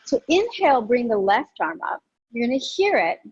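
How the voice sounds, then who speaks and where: A woman teaching a yoga and breathing class, giving calm, gentle cues with soft pauses. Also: a little high, slightly rough, highs cut off. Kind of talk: guided yoga and breathing instruction.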